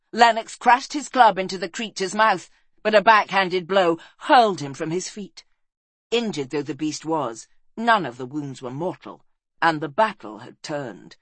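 A woman narrating a fantasy adventure book, reading expressively and dropping low and soft in the sad passages. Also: dry recording. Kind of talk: dramatic storybook narration.

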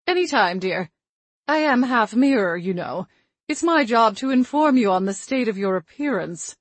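Lady doing a nosy old grandma ghost, higher and louder than her usual voice, chiding, dry close sound. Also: lively intonation, moderate pace, no room sound. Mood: tart. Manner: chiding, chatty and scatterbrained. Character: old woman ancestor spirit in a locket, fussy and nosy.

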